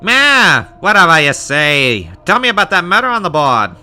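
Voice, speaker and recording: A man's voice: high voice, big pitch swings, normal speed, pushed and bright, faint music behind, voice pushed up, exaggerated voice. A man voicing a haughty, pompous male lizard prince in a game playthrough.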